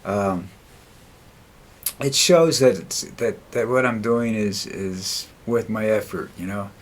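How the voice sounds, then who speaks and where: An older man vlogging in a rambling, halting, blunt way, who tires easily. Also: on the low side, a little hiss or hum. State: tires easily, dizzy after walking. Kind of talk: casual monologue.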